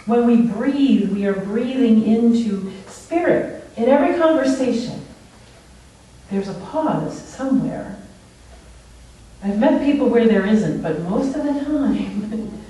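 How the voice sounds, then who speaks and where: This church service speaker has a fairly high voice, talks slowly, and leaves long pauses. She delivers an animated, story-driven sermon in a conversational style and laughs often. The sanctuary echoes, and the mic sits far from her.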